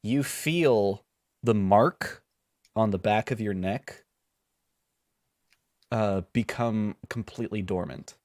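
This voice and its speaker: A man narrating a tabletop role-playing game as game master, animated and quick to laugh. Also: fairly low pitch, no echo, clean studio sound.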